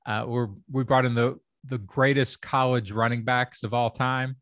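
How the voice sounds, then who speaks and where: A man's voice: mid-range voice, level tone, normal speed, fairly bright tone, no room sound. A middle-aged man from Kentucky, a comedy writer and stand-up comic, telling stories in a casual, rambling way with many fillers. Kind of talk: casual storytelling chat.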